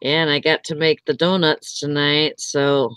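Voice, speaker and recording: A woman's voice: low voice, level tone, unhurried, fairly bright tone, clear, resonant tone, dry recording. A woman hosting a casual livestream, chatting in a rambling, easygoing way with plenty of fillers. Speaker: livestream host. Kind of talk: casual chat.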